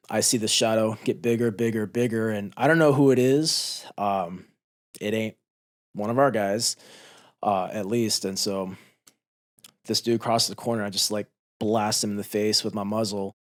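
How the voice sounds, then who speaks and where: A man in his thirties, a former Marine, telling a combat story in a candid, profane, intense way on a podcast. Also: lowish voice. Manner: intense, profane, re-enacts shouts. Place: podcast studio.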